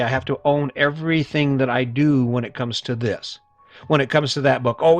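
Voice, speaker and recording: A middle-aged man with a higher-pitched voice hosts a solo motivational podcast, speaking earnestly and emphatically and repeating points to drive them home. There's no room sound in the recording.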